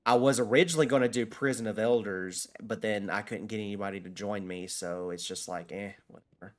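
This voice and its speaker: A man's voice: fairly low pitch, fairly quick. A man streaming a video game, chatting casually and rambling with lots of restarts and fillers as he answers viewers. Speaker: gaming streamer. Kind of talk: casual live-stream chat while gaming.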